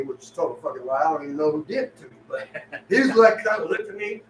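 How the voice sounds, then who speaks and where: A man's voice: on the high side, expressive, fast talker. A man co-hosting a casual talk show, swearing heavily and acting out both sides of his stories. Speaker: podcast co-host. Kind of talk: profane casual chat. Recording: echoey room, far from mic, faint hiss.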